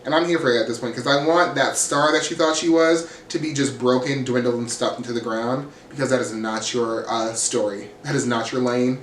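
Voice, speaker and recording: A man's voice: mid-range voice, steady tone, fairly quick, few pauses, fairly bright tone. A man recapping a reality TV episode in a casual, blunt and sassy way, cursing freely. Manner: sassy, blunt and profane, acts out quotes. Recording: roomy echo, faint ambient hiss.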